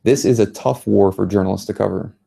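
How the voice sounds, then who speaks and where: A man from the United States in his thirties giving an earnest public talk as a journalist, telling a story in a measured way. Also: fairly low pitch, creaky, dark tone. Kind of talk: public speech. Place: lecture venue.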